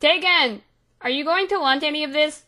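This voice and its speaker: A woman's voice: high-pitched, fast talker, bright, forceful tone, voice pushed up. A woman voicing a practical female hunter who calls out in a matter-of-fact way in a tabletop game. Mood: busy.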